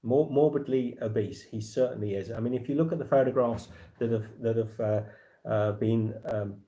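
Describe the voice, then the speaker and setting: With a medium-pitched, dark-toned voice at normal speed, an English man hosts a relaxed livestream chat. His talk wanders, thick with fillers and restarts.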